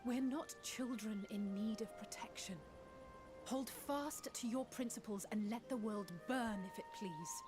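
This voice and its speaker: Actress voicing a defiant young game heroine. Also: female voice, on the high side, unhurried, close to an everyday voice. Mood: resolute. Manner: earnest, resolute. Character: defiant young woman pleading with her father. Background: game music.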